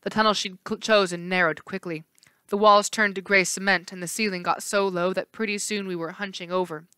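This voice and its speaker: Bright, crisp woman reading a novel aloud. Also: mid-range voice, a little fast, no echo. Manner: steady storytelling with small slips and restarts.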